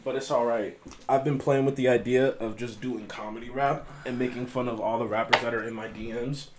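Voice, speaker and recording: Young man, mid-pitched, slangy and joking, faint hiss behind. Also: fairly even intonation, brisk. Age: young adult. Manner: joking, laughs often, slangy. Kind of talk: casual podcast banter.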